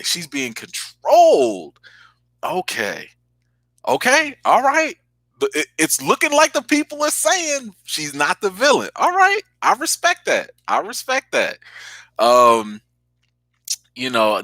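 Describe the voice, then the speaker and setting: A man hosts a live reaction chat and calls out to his viewers. His bright, forceful voice leaps around in pitch. The sound is dry and close. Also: no room sound. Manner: animated, exclaiming, talks straight to viewers. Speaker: host.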